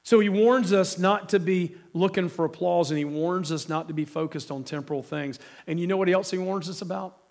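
Emphatic preacher with a cold, high voice. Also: male voice, fairly quick, creaky, few pauses, darkish tone. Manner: emphatic, asks the congregation questions. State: has a cold. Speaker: pastor. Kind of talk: sermon.

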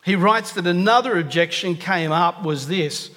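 High-voiced preacher in a reverberant hall. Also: male voice, normal speed, pushed and bright. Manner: earnest, emphatic, repeats key phrases for stress. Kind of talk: sermon. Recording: long reverb of a large hall.

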